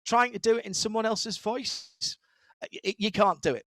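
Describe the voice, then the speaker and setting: A middle-aged man with a Northeast English accent talks fast and animatedly in a casual interview, often stopping to restart a sentence. His voice sits a little higher than most men's. The recording is close and dry, with no room sound. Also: no room sound. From Northeast England. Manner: fast-talking, animated storyteller with frequent restarts. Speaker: guest, motorsport commentator.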